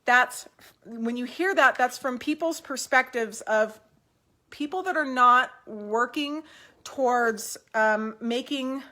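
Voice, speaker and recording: A woman's voice: a little high, slow pace, pushed and bright. A woman talking casually to camera at home about doll collecting, upbeat and encouraging, with fillers and restarts.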